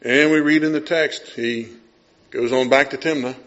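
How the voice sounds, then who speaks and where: Male pastor, middle-aged, lively preaching, acts out voices, medium pitch, slightly muffled recording. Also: moderate pace. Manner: storytelling preacher acting out voices, swinging from hushed to loud. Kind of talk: sermon.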